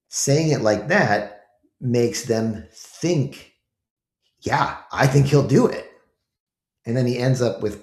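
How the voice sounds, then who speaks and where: A man's voice: medium pitch, slow pace, pauses often, darkish tone, roomy sound. A man hosting his own show, giving casual commentary with emphatic rhetorical questions to his viewers. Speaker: host.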